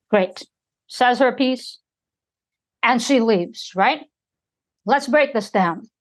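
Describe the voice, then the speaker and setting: A woman's voice: on the high side, takes it slowly, long pauses. A woman guest on a podcast, telling a story in an emphatic way and often checking in with her listeners. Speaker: podcast guest and community organizer.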